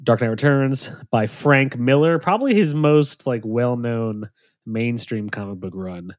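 A man's voice: medium pitch, a little slow, dry recording, clean studio sound. A man hosting a casual podcast chat, laughing often between his lines. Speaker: podcast host.

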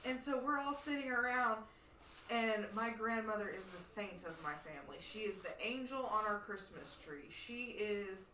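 A woman's voice: medium pitch, normal speed, slight background noise. Young woman telling a story, roomy room. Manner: animated storyteller, laughs often. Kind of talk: casual chat. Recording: roomy, distant mic, faint ambience.

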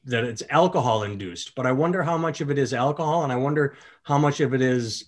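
A man's voice: medium pitch, fairly quick. Male comedian-host, casual podcast chat, storyteller who acts out the people he quotes. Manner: storytelling, animated when quoting others.

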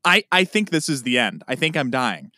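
A man co-hosting a podcast in casual chat, telling stories with loud acted-out outbursts. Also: medium pitch, big pitch swings, normal speed, no echo, clean studio sound. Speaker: podcast co-host.

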